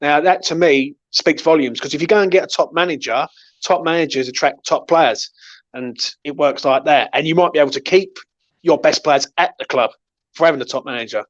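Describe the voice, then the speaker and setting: Guy ranting about football, bit high voice, dull dry lo-fi sound. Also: brisk, no echo. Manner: blunt, animated, sweary. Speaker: podcast host. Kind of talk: casual football chat.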